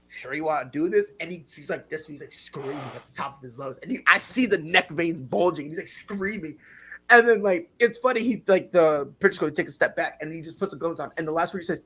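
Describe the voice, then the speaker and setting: High-voiced, husky man telling stories. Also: fairly quick. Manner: animated storyteller, acts out players' quotes. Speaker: sports talk show host. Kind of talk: casual sports talk.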